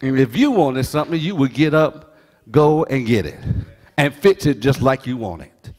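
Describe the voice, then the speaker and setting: A man pastor preaching a sermon, folksy and joking, moving from quiet words to shouting. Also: mid-range voice, moderate pace, big-room sound. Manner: animated preaching, swings from hushed to shouting.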